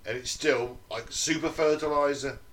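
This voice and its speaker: A man's voice: mid-range voice, fairly even intonation, moderate pace, fairly bright tone, distant mic. Guy on a podcast reading his notes out, jokey and sweary, sounds a bit off-mic. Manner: reads research aloud, jokey asides, swears. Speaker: podcast co-host. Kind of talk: reading notes in casual chat.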